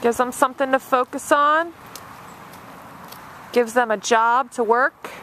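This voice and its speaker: A woman's voice: fairly high pitch, a little slow, fairly bright tone, slight background noise. A woman dog trainer narrating an obedience demonstration step by step, with a patient and encouraging manner. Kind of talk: instructional narration.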